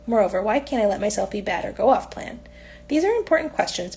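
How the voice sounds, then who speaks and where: A woman's voice: mid-range voice, vocal fry, a little mellow. A woman reading aloud from her own novel in a casual, unpolished audiobook style, now and then stumbling and correcting herself.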